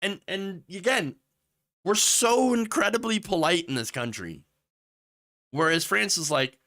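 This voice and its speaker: A man hosting a political livestream, his voice bright and forward with wide swings in pitch. He rants with sarcasm, mocking politicians in put-on voices, then drifts into loose, filler-heavy asides as he reads viewer messages. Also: animated, a little slow. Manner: impassioned, ranting, with sarcastic mock quotes. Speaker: political commentary host.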